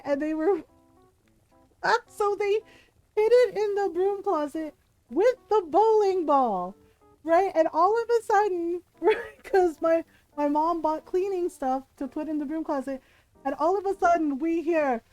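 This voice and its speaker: A high-pitched woman tells a story in a loose, chatty way, breaking into laughter and acting out the lines of people she quotes. Her voice sounds close and dry, and soft music plays quietly behind her. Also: animated, measured pace, dry recording, low-quality recording. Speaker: streamer. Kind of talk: casual storytelling on a livestream.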